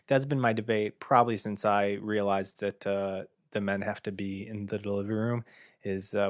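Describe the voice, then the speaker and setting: A young man hosting a podcast, telling a comic story in a deadpan, self-mocking way. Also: lowish voice, no echo, clean studio sound. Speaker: podcast host. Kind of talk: comedic storytelling monologue.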